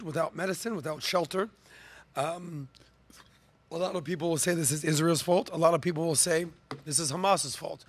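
A man's voice: fairly high pitch, fairly bright tone. A man hosting a podcast, giving an emphatic opinion monologue full of rhetorical questions and ums, with a slight cough. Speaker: podcast host.

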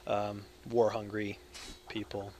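A man from the United States giving rambling gameplay commentary, loud and jokey with crude humor, swinging between yelling and mumbling. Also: fairly low pitch, monotone, slow pace. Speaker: gaming video creator.

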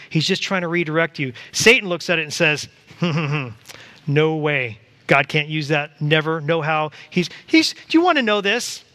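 A man preaching a church sermon, animated and acting out quoted voices to the congregation. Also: sits high. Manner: animated, acts out voices of God and Satan. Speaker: pastor. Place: church sanctuary.

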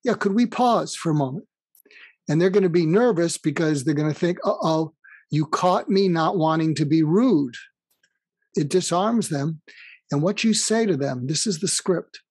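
A man with a voice a bit higher than most talks as a guest author in a close, dry recording. He explains his ideas through anecdotes and acts out bits of dialogue as he goes. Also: moderate pace, a little mellow, no room sound. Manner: explains through stories, acting out quoted dialogue. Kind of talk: conversational advice interview.

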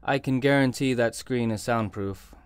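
A self-assured, wry male businessman, as a man reads him in an audiobook. His lines are short and brisk, a little higher than the narration. The sound is dry and close. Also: clear, resonant tone, dry recording, natural voice. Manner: brisk, curt. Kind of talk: audiobook character reading.

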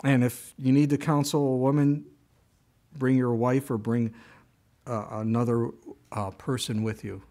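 A male pastor preaches a sermon at a measured pace, telling stories conversationally with animated asides. When he acts out his own complaining, his voice breaks into high, strained bursts.

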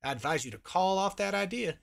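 A man's voice: sits high, lively intonation, fast, gravelly, fairly bright tone, voice pushed up, heavily acted. A man voicing an older male mentor who survived underground, reading the game's lines aloud in an easy, plain way. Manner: reads game dialogue aloud plainly.

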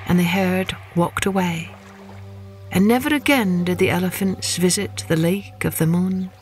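A woman telling stories for children, reading in a gentle, expressive and unhurried way as host. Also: lowish voice, soft background music. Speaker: children's storyteller. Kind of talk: children's storytelling.

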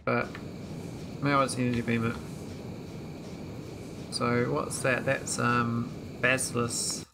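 A man's voice: medium pitch, little pitch movement, takes it slowly, pauses often, background noise. A man casually commentating his own gameplay, thinking aloud with lots of fillers and restarts. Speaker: gameplay streamer. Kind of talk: casual let's-play commentary.

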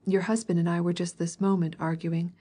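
A frank young man who talks plainly and directly, in a warm voice with a soft, slightly husky texture, as a woman reader gives his lines. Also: on the low side, little pitch movement, brisk. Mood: earnest.

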